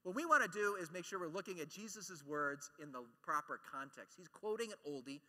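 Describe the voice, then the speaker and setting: A man giving a conference talk, animated and joking, acting out quotes as he teaches. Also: sits high, brisk, big-room sound. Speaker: speaker at a Catholic conference.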